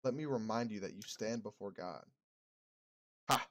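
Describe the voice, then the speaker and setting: A man's voice: lowish voice, normal speed, background noise, pitched below the performer's own voice, natural voice. A man voicing a stern male priest who judges a woman as a witch, speaking in archaic, solemn tones. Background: game music.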